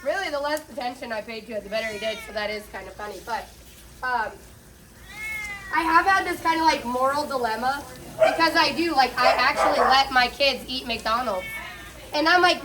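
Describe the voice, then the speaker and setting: A woman's voice: high-pitched, a little fast, heavy background noise. A middle-aged woman chatting candidly while bathing a cat, swearing freely as she talks. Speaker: pet groomer vlogger.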